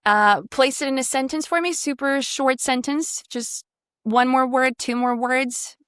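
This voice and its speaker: A woman coaching pronunciation on a video call, demonstrating sounds and drifting into vocal fry at phrase ends. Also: sits high, measured pace, a bit bright, no echo, studio quality. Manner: encouraging, demonstrative, drills sounds. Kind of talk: online one-on-one pronunciation lesson.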